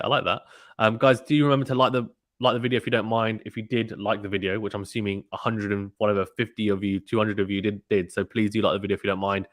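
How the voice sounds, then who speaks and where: Low-voiced man doing brisk play-by-play. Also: little pitch movement, dry recording, studio quality. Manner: brisk, chatty, with frequent ums and restarts. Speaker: live-stream tennis commentator. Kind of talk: play-by-play commentary and reading chat.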